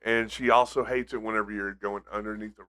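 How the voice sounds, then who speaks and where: A man's voice: fairly low pitch, steady tone, fast talker, a bit bright. A man co-hosting a podcast, chatty and teasing in casual chat. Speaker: podcast co-host.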